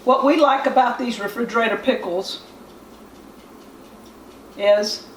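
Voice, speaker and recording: A woman's voice: fairly high pitch, a little slow. Homespun Southern woman, echoey distant kitchen. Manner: plain-spoken, homespun, step-by-step. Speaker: homestead cooking host. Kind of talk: home cooking demonstration. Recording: echoey room, distant mic, faint hiss.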